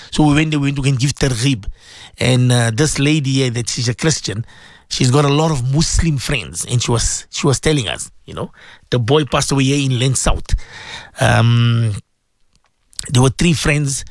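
A man's voice: mid-range voice, gravelly, no room sound. Fervent male radio preacher, dry sound. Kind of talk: radio sermon.

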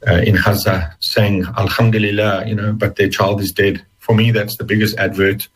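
A middle-aged man with a very low, husky voice speaks in an interview. He talks earnestly and haltingly, often restarting his words, and sounds emotional and close to tears. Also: little pitch movement, poor audio. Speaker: interview guest. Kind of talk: personal testimony in an interview.

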